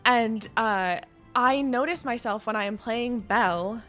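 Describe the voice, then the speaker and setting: A woman's voice: fairly high pitch, a little slow, a bit bright, soft background music. A young woman guest on a tabletop game podcast, talking things through reflectively with lots of fillers and restarts. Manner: reflective, searching for words, many fillers. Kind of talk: casual conversation.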